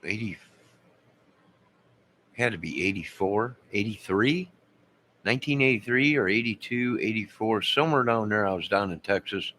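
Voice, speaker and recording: A man's voice: fairly low pitch, animated, moderate pace, pauses often, a bit bright, a little hiss or hum. A man in his fifties chatting live with viewers, rambling and losing his train of thought. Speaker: live streamer.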